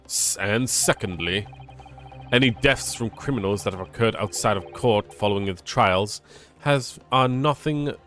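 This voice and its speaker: A man reading the lines of a stern, formal older male lord in a game, measured and authoritative. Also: on the low side, a bit bright, faint music behind.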